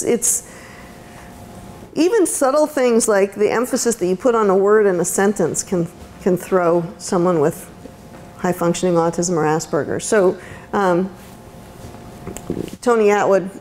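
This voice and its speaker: A woman's voice: mid-range voice, darkish tone, slight background noise. A woman giving a conversational lecture as an autism educator, with frequent ums and restarts. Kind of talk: university lecture talk. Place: lecture room.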